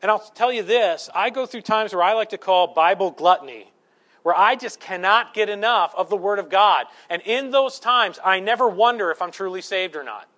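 In a high-pitched voice at normal speed, a man in his thirties preaches, telling lively stories and poking fun at himself. He alternates between booming emphasis and hushed asides.

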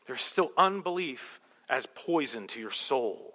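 A man's voice: mid-range voice, big pitch swings, a little slow, bright, forceful tone. Impassioned preacher man, ringing hall. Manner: impassioned, rising to emphatic peaks. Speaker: pastor. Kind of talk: sermon. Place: church sanctuary. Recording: long reverb of a large hall.

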